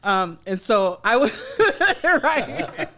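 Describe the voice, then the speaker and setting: A woman's voice: on the high side, very slow. A woman in her forties, a guest artist telling stories in a casual studio podcast interview, chatty and full of fillers. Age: 40s. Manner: chatty, lively storytelling with frequent fillers and laughter.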